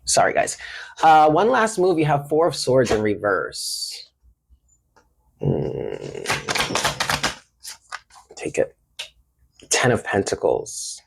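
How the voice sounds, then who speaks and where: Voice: medium pitch, sing-song, takes it slowly, gravelly, pauses often, noisy background. A tarot reader giving a casual reading, affectionate and slangy, calling the listener honey and baby. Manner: chatty with frequent laughs.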